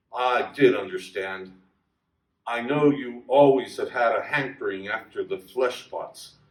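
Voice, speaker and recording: A man reading a story aloud, voicing a scarred young man who speaks softly and with resignation. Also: medium pitch, roomy sound, far from the mic, voice pushed down, poor audio. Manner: soft, subdued.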